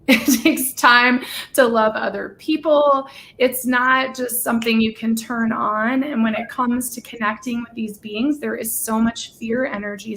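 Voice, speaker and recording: A woman hosting a casual live-stream chat, bubbly and gushing, running off on quick tangents. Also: a little high, fairly bright tone, slight background noise.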